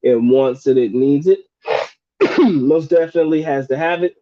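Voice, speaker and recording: A man's voice: on the high side, moderate pace, dark tone, no echo. Joking slangy man on a dull stream. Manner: joking, slangy, laughs often. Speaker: livestream host answering chat questions. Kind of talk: casual live Q&A chat.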